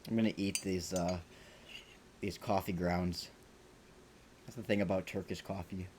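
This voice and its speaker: Low-voiced rambling game streamer. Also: male voice, fairly even intonation, unhurried, background noise. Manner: rambling, self-deprecating, joking. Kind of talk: let's play commentary. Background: game music.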